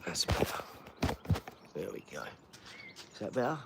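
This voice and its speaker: A man's voice: sits low, big pitch swings, a little slow, gravelly, very noisy. A man who is a father, rambling and boastful in casual live-stream chat, mixing in street slang. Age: adult father.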